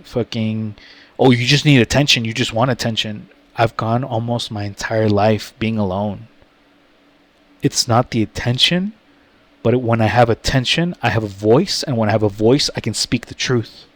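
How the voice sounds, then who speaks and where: A man vlogger telling a story to his viewers, blunt and profane, talking slowly and rambling. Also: fairly low pitch, no room sound. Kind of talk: casual story time to camera.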